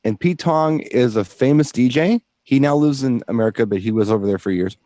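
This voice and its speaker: A man's voice: mid-range voice, brisk, dark tone, no echo. A man co-hosting a DJ show in casual chat, explaining things at length with enthusiasm. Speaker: DJ co-host.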